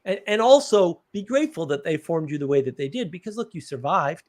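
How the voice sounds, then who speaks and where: A man's voice: on the high side, lively intonation, fairly quick. A man hosting a live stream, rambling through personal stories in casual chat with blunt remarks and casual swearing.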